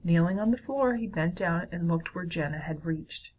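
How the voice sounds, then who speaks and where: A woman reads a children's story aloud in a slightly low voice. Her delivery is steady and clear, like a storyteller. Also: moderate pace, highs cut off, a little hiss or hum.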